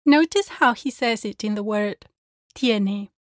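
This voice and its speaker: A woman teaches pronunciation, demonstrating each sound clearly and carefully. Her voice sits a little high, recorded close and dry with no echo. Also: expressive, moderate pace, fairly bright tone. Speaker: language teacher. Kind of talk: pronunciation lesson.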